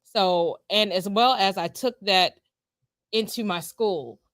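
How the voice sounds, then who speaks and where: A woman, a former school principal, chatting casually as a co-host, telling stories with a lively, repeating way of talking. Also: medium pitch, takes it slowly, no echo, clean studio sound. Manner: storytelling, animated, repeats words, laughs often. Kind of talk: casual conversational chat.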